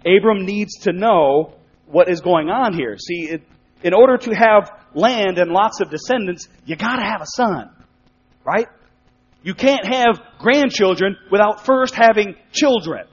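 A man preaching a sermon in a conversational way, acting out quick spoken asides. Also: high-pitched, expressive, breathy edge. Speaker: pastor. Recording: dull sound with long hall reverb.

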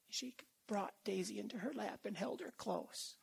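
An older man preaching a sermon and reading scripture slowly and haltingly, with emotion and soft whispered stretches. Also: high-pitched, vocal fry, breathy edge.

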